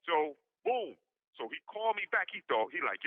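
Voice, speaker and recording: A man's voice: fairly high pitch, big pitch swings, moderate pace. A man telling a long anecdote in slangy casual talk, acting out everyone's lines with big jumps in his voice. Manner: slangy, loose street talk. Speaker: podcast guest. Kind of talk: casual storytelling. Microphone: phone line. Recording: dull lo-fi prison phone call.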